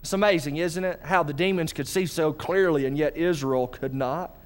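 Male preacher, sermon, fairly high voice, lively delivery, talks to the congregation. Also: moderate pace. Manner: animated preaching, addresses congregation directly. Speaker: pastor.

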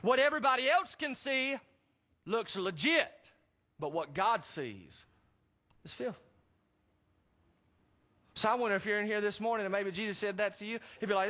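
A man's voice: high voice, lively intonation, moderate pace, long pauses, pushed and bright. A man preaching a sermon, emphatic and pressing the congregation with rhetorical questions. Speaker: pastor. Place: church service. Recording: dull lo-fi recording.

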